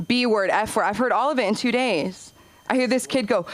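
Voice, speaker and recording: A woman doing a stand-up comedy set, chatty and rambling, jumping her voice up high whenever she acts out a quote. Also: animated, moderate pace. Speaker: stand-up comic and open mic host. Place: comedy club stage.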